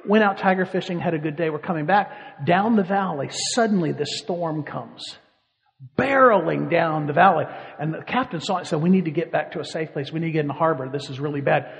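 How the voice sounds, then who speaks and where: A man preaching, telling a lively story with animation and frequent laughter. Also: fairly high pitch, fast talker, creaky, few pauses, big-room sound, lo-fi sound. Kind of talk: sermon storytelling.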